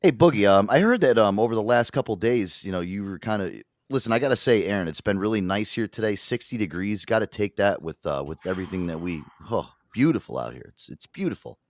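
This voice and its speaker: Animated low-voiced man hosting. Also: fast talker, hardly any pauses, no echo, clean studio sound. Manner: rambling, swears often, animated. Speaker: podcast host. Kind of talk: casual chat.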